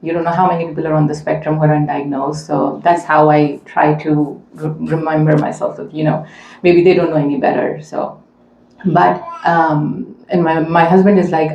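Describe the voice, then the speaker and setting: Woman, mother, personal story, earnest, conversational, dark mellow tone, echoey hall. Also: low-pitched, fairly even intonation, normal speed, highs cut off. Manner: earnest, conversational, many fillers. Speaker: mother speaking at a community event. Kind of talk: personal story told to an audience. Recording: echoey room.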